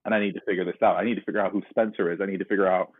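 A man's voice: deep voice, steady tone, very fast, dry recording. A man from North Carolina, a podcast guest, telling his personal story in an earnest, reflective way. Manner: earnest, reflective, retells scenes. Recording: dry, narrow phone-like line.

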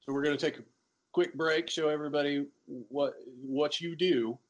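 A man's voice: a little high, steady tone, moderate pace. A man hosting an interview, leading upbeat into a break. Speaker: host.

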